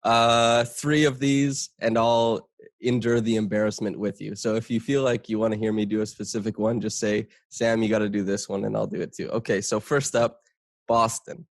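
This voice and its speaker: Guy hosting a podcast, kinda low voice, dry mic, teasing his guest. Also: little pitch movement, moderate pace, no room sound. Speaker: podcast host. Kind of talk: casual podcast interview.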